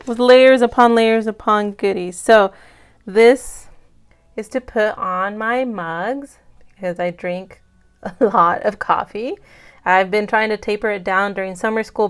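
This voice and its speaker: Teary woman gushing over happy mail, smooth clear voice, casual vlog. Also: mid-range voice. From United States. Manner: gushing, emotional, grateful. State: near tears. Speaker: budget vlogger.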